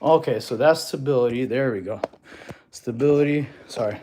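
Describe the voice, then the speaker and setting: A man's voice: medium pitch, normal speed, mellow. Male fitness streamer, easygoing, laughs often, fields chat questions on camera, slight background hiss. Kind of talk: casual livestream chat. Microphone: camera on a tripod.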